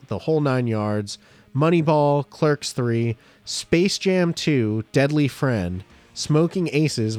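Lively joking podcast host, a man. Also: mid-range voice, no room sound. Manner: lively, jokey, reads reviews aloud. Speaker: podcast co-host running a quiz. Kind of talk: casual podcast banter.

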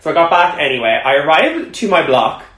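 A man co-hosting a podcast, telling a story at a table with two co-hosts in an animated, laughing way. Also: on the high side, fairly quick. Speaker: podcast co-host. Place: room shared with two co-hosts around a table. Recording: echoey room.

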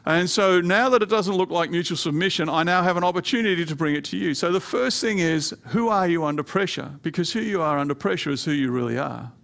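Male pastor, sermon, gravelly tone, voice climbs high to press points. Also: fast talker, few pauses, a bit bright. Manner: rising pitch and volume when pressing a point, playful asides.

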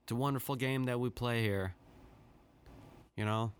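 A man's voice: medium pitch, moderate pace, slight background noise. A man hosting his own podcast, rambling through a casual, profane solo rant with a self-deprecating edge. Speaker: podcast host.

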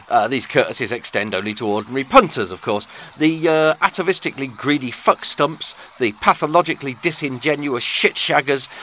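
A man's voice: mid-range voice, pushed and bright, a little hiss or hum. A man with a British accent, hosting a podcast with a florid, sardonic scripted monologue. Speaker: podcast host.

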